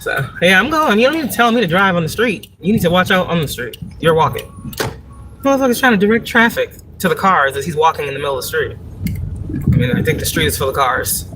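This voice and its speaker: A woman's voice: fairly low pitch, very animated, quick pace, noisy background. A woman chatting casually on a live stream while driving, profane and rambling, laughing often. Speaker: spiritual vlogger. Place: in a car, driving. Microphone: phone.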